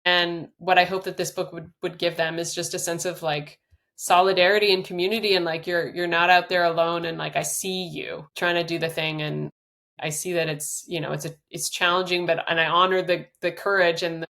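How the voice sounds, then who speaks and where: Middle-aged woman author, lowish voice, earnest and a bit halting, reading her book aloud too. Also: little pitch movement. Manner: earnest, warm, many restarts and fillers. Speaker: author and guest.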